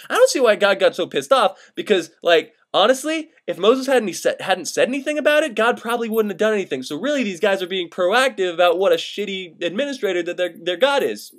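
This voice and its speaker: A man's voice: high voice, very animated, fast talker, hardly any pauses, a bit bright. A young man retelling an old myth as profane comedy, sarcastic and exasperated, swearing freely. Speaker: comedic storyteller.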